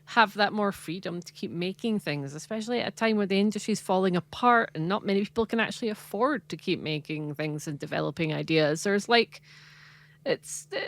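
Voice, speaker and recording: A woman's voice: medium pitch, fairly quick, no echo. A woman co-hosting a podcast, chatting casually and laughing often, with many restarts. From Britain. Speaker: podcast co-host. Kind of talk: casual chat.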